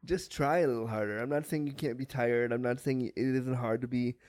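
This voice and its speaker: A man from Canada, a guest on a podcast, talking frankly and lively, acting out what other people say with humor. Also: mid-range voice, fairly quick, dry recording. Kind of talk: candid podcast interview.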